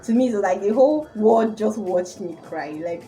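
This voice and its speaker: A young woman from Nigeria recounts a school memory in a casual vlog. Her tone is mellow and animated. Soft background music plays faintly behind her. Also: medium pitch, moderate pace, poor audio. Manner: animated storytelling. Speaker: vlogger. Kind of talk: casual storytelling to camera.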